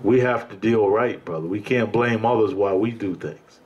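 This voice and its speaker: A man's voice: fairly low pitch, moderate pace, darkish tone, muffled recording. A man preaching a sermon in an emphatic, colloquial way, often calling his listeners brother.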